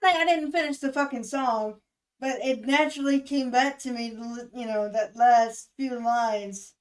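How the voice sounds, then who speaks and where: Young woman with a high voice talking slow, kinda emotional and cursing, a bit off-mic. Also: far from the mic, rough recording. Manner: candid, emotional, swears freely, halting with fillers. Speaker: music reaction vlogger. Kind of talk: casual chat.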